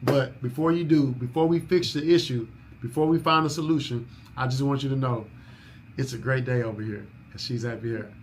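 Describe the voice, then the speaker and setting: A man's voice: mid-range voice, fairly even intonation, brisk, slight background noise. A man leading a staff orientation in a coaching manner, repeating his key points and asking if people follow. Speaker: business owner training new staff.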